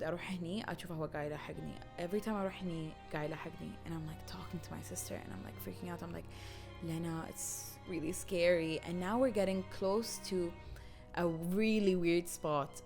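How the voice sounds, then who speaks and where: Chatty young woman. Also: lowish voice. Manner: chatty, mixes English with Gulf Arabic, laughs often. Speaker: podcast host. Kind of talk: casual storytelling.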